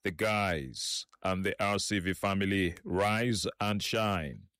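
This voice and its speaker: A man's voice: sits low, takes it slowly, fairly bright tone, clear, resonant tone, dry recording, studio quality. A man co-hosting a faith-based morning radio show in an easygoing way, reading listener messages aloud. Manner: easygoing, reads messages aloud with short affirmations.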